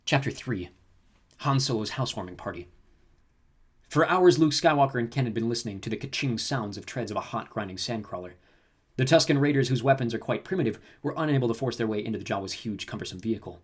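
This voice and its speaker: A man narrating a sci-fi audiobook in a brisk storytelling manner. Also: mid-range voice, lively intonation, husky. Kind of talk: scripted narration.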